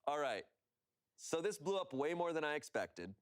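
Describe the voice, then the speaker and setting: A man's voice: on the high side, moderate pace, clean tone, dry recording. A man hosting a casual show, reading posts and comments aloud and breaking into banter. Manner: animated, jumps into mock voices while reading. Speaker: host reading stories aloud.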